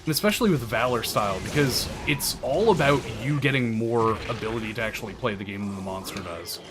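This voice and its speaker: A man of medium pitch speaks fairly quickly in casual gameplay commentary, chatting with viewers about tactics and swearing occasionally. Game music and background noise fill the backdrop.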